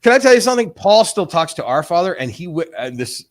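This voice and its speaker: A man in his forties chats loosely on a livestream, circling back and restarting his sentences as he goes. His pitch sits a little on the high side, and he swears casually. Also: sing-song, fast. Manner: rambling, restarts often, swears freely. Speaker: stream host.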